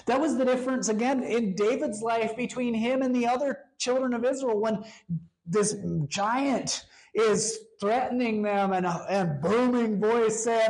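A preacher delivering a sermon in an earnest, emphatic way, slowing down to stress the key lines. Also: mid-range voice, steady tone, darkish tone.

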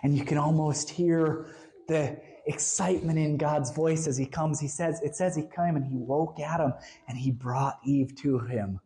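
A woman preaching an expressive sermon, slowing down for emphasis and sometimes dropping to a hush. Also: low voice, slight background noise.

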